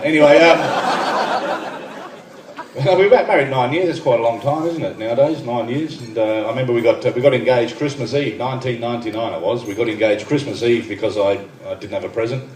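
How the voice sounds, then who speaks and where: A man in his thirties with an Australian accent doing a stand-up routine, trading dry one-liners and asides with the crowd. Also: medium pitch. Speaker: stand-up comedian. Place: benefit night venue, live room. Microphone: far phone recording. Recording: echoey far phone recording, noisy room. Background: crowd laughter and room noise.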